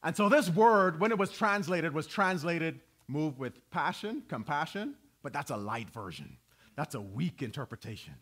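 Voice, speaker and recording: A male pastor preaching a sermon to his congregation, swinging between loud, emphatic preaching and quiet, low asides. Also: sing-song, moderate pace, slightly rough. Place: church.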